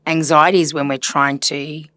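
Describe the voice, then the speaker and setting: A woman's voice: low voice, flat delivery, moderate pace, bright, forceful tone, no echo. A woman therapist talking earnestly and reflectively in a casual podcast conversation, chatty with filler words. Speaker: systemic therapist guest.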